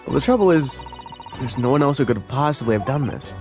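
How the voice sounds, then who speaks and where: A man reading game dialogue aloud as a composed, formal young woman assistant, measured and firm. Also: medium pitch, lively intonation, darkish tone, soft background music, lightly acted. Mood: stern.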